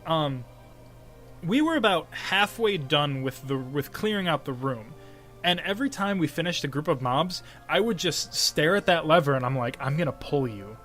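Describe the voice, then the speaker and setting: Animated young man telling a gaming story. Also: a little high, moderate pace, soft background music. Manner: animated storyteller, acts out quotes with a raised voice, laughs often. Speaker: podcast co-host. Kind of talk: casual gaming podcast chat.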